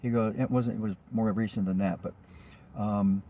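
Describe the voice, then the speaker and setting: A man's voice: lowish voice, fairly even intonation, moderate pace, mellow, a little hiss or hum. A man, a rideshare driver, telling a personal anecdote in a rambling, chatty way with frequent ums and restarts. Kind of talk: casual spoken anecdote.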